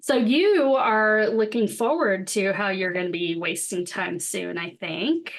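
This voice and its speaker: A woman with a mid-pitched voice co-hosts a podcast in easy casual chat. She laughs often between phrases and swears offhandedly. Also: unhurried. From United States. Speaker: podcast co-host.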